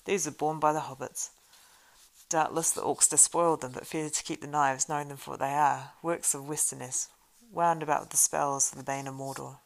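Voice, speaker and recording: A grave, weary ranger leader speaks in solemn, measured phrases, as a woman reading a storybook voices him. The voice sits low and gravelly. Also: steady tone. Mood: intent. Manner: solemn, measured old-fashioned speech.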